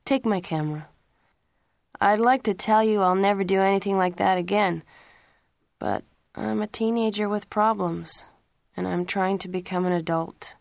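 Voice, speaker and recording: A woman's voice: medium pitch, normal speed, creaky, no echo, natural voice. A remorseful teenage boy owns up to his parents in an audiobook, read by a woman. He speaks earnestly and apologetically. The sound is dry and close. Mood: apologetic.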